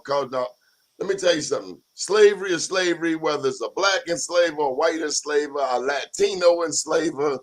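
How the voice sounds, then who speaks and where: Brief: male talk show co-host, slightly higher voice, playful and teasing, casual. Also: fairly quick. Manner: joking, teasing. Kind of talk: casual chat.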